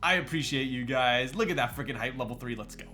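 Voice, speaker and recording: A man's voice: medium pitch, fast talker, sharp tone, faint music behind. A man chatting casually on a live stream, hyped up, thanking viewers and laughing often while building a keyboard.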